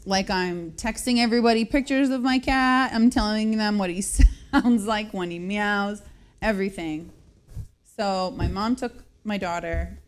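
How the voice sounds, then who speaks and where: A woman in her thirties hosting a radio show, telling a long story in a chatty, self-mocking way and laughing often. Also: medium pitch. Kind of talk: casual radio chat, storytelling.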